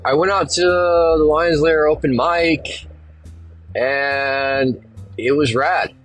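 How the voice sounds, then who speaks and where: A man's voice: on the high side, slow, a bit bright, faint music behind, poor audio. A male podcast host telling a long, rambling, profane story in a laid-back way. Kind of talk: casual storytelling monologue.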